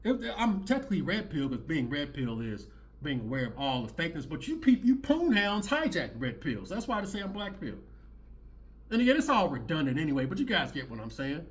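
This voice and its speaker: A man's voice: fairly high pitch, big pitch swings, a little fast. A man hosting his own channel, reacting to clips in a preachy, rambling rant that circles back on itself. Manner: preachy, rambling, repeats himself. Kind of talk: ranting commentary.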